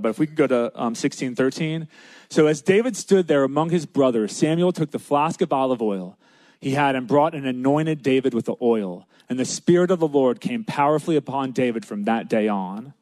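A man's voice: on the high side, a little mellow, no room sound. A man preaching a sermon in a casual, conversational way, with asides to his listeners. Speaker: pastor.

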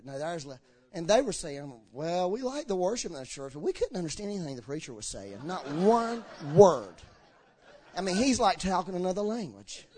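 A man delivering a lively sermon. His voice sits high and swings widely as he acts out quoted lines. His words run together in a slurred drawl. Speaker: preacher. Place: church.

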